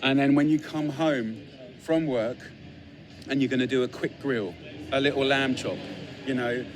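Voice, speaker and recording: An English man speaks straight into his phone with eager, piled-up lists and repeated phrases. His voice sits at a middling pitch, and a faint hum of traffic and shop bustle runs behind him. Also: normal speed. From England. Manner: enthusiastic, piles up emphatic lists and repeats phrases. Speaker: chef. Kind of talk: casual talk to a phone camera. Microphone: phone camera.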